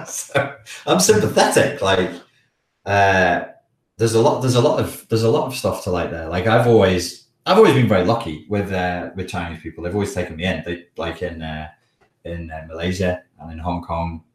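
A man with a low voice and a Scouse accent from the Wirral, England, speaks at a moderate pace through a blocked nose from a cold. He hosts a casual live question-and-answer chat, hesitant and full of restarts, chuckling as he talks. The sound is roomy and rough, picked up by a distant mic.

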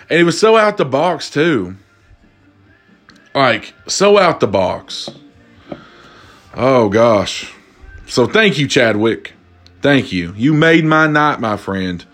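A man hosting a casual, comedic talk, reading out viewer submissions and reacting with loud, profane amusement. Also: mid-range voice. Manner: animated, laughing, profane, cracks up. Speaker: host.

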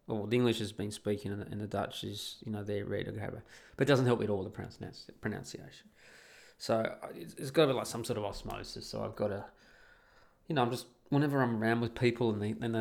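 A man's voice: fairly low pitch, gravelly. A man from Australia talking casually on camera in a rambling, profane, exasperated way, restarting and repeating his phrases. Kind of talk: casual monologue.

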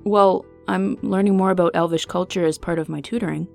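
A woman reading the lines of a calm, courtly elvish king in a smooth, unhurried voice. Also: fairly low pitch, soft background music. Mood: composed. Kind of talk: audiobook character reading.

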